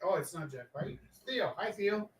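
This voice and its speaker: A man's voice: high-pitched, lively intonation, normal speed. A man chatting casually while he draws, rambling with many fillers. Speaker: live-streaming artist. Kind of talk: casual chat while drawing. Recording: echoey room, mic far off, faint noise.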